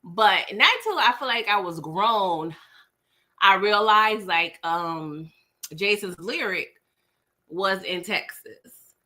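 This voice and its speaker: A woman with an East Coast accent from the US hosts a casual livestream, eating dinner and laughing with viewers over a laptop mic. Her medium-pitched voice is slow and sharp, and she chews while she talks.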